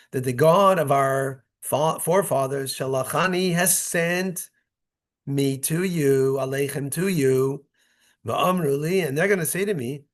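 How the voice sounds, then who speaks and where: A man leads a Torah study class as its rabbi. He reads a verse phrase by phrase and explains each one in a conversational, step-by-step way, often checking in with his listeners. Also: mid-range voice. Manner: reads short Hebrew phrases, then explains in English; conversational, checks in with "right?" and "okay?". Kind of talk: Torah study lesson, reading verses and translating.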